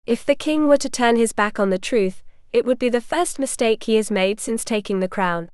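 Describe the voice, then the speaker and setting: A woman's voice: on the high side, normal speed, a little mellow, smooth, dry recording, clean studio sound, lightly acted. A woman voicing a stern, devoted young medieval nobleman, in a firm, reassuring way.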